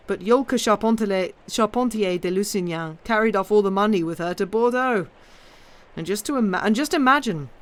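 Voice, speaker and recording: A woman's voice: mid-range voice, a bit bright, lightly acted. A woman voicing a dissolute young male baron with an impertinent, fashionably weary delivery.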